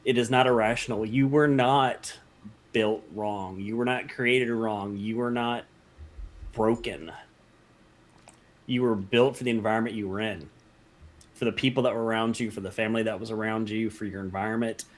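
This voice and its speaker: A man's voice: on the low side, fairly even intonation, normal speed. A man on a stream, talking in a supportive, emphatic and reassuring way. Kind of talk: casual chat.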